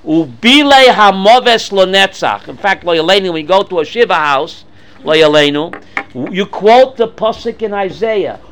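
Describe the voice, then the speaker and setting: A man teaching a Bible class, quizzing his students with questions in an animated way. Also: sits high, normal speed, slight background noise. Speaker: Torah teacher.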